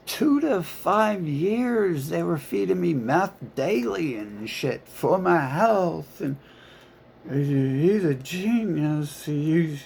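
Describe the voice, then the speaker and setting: Gravelly man rambling profanely. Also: a little high, a little mellow, slight background noise. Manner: profane, rambling, heavy filler words. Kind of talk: rambling monologue.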